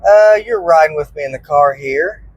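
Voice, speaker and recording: A man's voice: fairly high pitch, moderate pace, dull audio. Easygoing, joking man chatting from a car. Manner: easygoing, joking, self-deprecating. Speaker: host of a barbecue cooking channel. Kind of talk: casual vlog chat. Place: inside a car.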